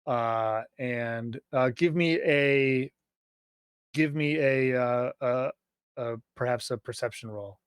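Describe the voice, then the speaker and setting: A man's voice: medium pitch, slow pace, clear, resonant tone, no room sound, clean studio sound. A man narrating a tabletop game as game master, hesitant and full of fillers and restarts.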